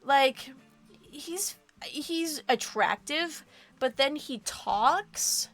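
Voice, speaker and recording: A woman streamer reacts to a game in a giggly, teasing way. Her voice is a little high, and she jokes between the lines. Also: lively intonation, very slow, fairly bright tone, faint music behind. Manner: giggly, playful asides. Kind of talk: live game commentary.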